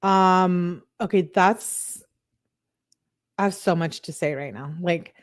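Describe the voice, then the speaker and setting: A woman's voice: fairly low pitch, takes it slowly. A woman hosting true crime commentary, reading text messages aloud and reacting with exasperated asides. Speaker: host.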